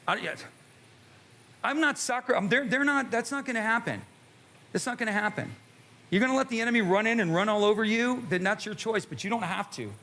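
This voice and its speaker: High-voiced emphatic preaching pastor. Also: male voice, brisk, a bit bright. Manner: emphatic, rhetorical questions to the congregation. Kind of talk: sermon. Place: church sanctuary with a live congregation.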